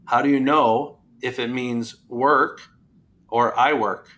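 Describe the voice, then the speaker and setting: A man's voice: medium pitch, fairly even intonation, slow pace, pushed and bright. A man teaching a Spanish class, patiently explaining grammar step by step and quizzing his students.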